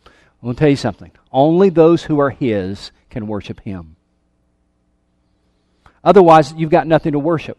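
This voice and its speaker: A man's voice: on the high side, animated, moderate pace, long pauses, darkish tone, dry recording. A male pastor preaching a sermon with emphasis, calling out questions to his congregation. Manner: emphatic, calls for congregation response. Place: church sanctuary.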